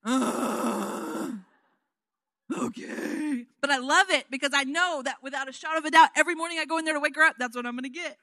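A woman in her thirties giving a sermon, telling family stories in a chatty, animated way. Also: high voice, very fast, few pauses, dry recording, studio quality. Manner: chatty, animated storytelling with frequent "you know what?". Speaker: guest preacher.

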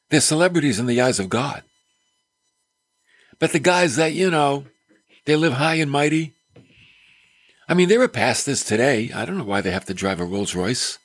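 A man's voice: medium pitch, husky, no room sound. A male preacher giving a conversational sermon, full of rhetorical questions.

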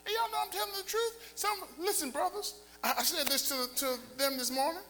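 A middle-aged man, a pastor, preaching a sermon in a church with lively, colloquial delivery that climbs to near-shouts. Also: very high-pitched, a little fast, faint music behind, rough recording. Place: church sanctuary. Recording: faint mains hum.

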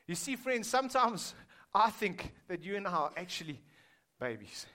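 A man preaching in a high, ringing voice. He keeps it conversational, teasing and addressing his listeners directly as he reads and explains scripture. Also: very animated, moderate pace, pushed and bright. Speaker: pastor. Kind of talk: sermon.

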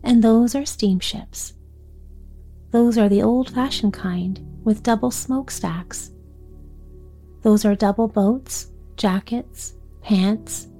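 A woman's voice: on the high side, mellow. A woman voicing a cheerful young boy who explains things in a matter-of-fact, businesslike way.

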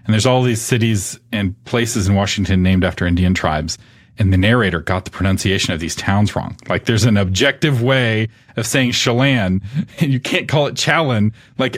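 A man's voice: medium pitch, moderate pace. A man hosting a casual interview, talking in a conversational way and leading with questions. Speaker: podcast host.

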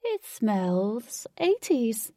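A woman voicing a creature mount in a storybook, speaking very slowly and musingly. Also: a little high, big pitch swings, dark tone, dry recording, voice pushed up, exaggerated voice. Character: slow-sniffing mount creature.

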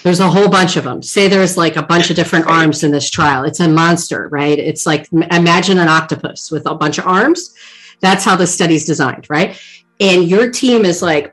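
A woman hosting a casual interview, telling animated examples, often tagging "right?" and laughing lightly. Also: fairly low pitch, brisk, rough recording.

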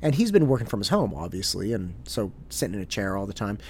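A man hosting a show, telling a candid, self-deprecating personal story in a relaxed conversational way. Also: lowish voice, fast, slight background noise. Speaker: podcast host. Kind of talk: reflective personal storytelling monologue.

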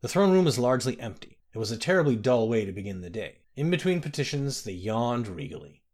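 A man's voice: medium pitch, sing-song, quick pace, darkish tone. A man narrating a fantasy story aloud, reading expressively.

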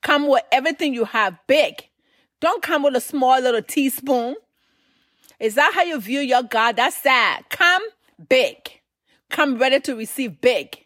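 A woman's voice: high voice, moderate pace, fairly bright tone, dry recording, clean studio sound. A woman, preaching a sermon, telling a story with emphatic repetition.

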